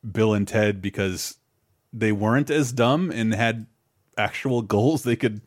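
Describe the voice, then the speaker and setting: A man's voice: on the low side, a little slow, no room sound, studio quality. A man in his thirties talks loosely on a podcast, rambling through his points with frequent restarts. He swears casually and freely as he chats. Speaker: podcast co-host. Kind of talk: casual chat.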